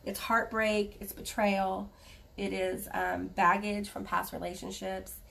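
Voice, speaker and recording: A woman giving a spoken tarot reading to viewers, earnest and halting, offering gentle reassurance. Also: mid-range voice, little pitch movement, gravelly, distant mic, slight background noise. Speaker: tarot reader.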